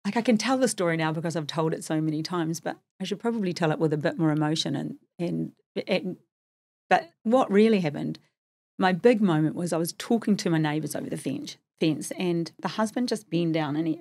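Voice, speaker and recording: A husky-voiced middle-aged woman speaks candidly in a casual interview, joking at her own expense. Her voice sits a little low for a woman. The sound is dry and close. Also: fairly quick, a little mellow, dry recording. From New Zealand. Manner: candid, self-deprecating, chatty. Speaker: podcast guest.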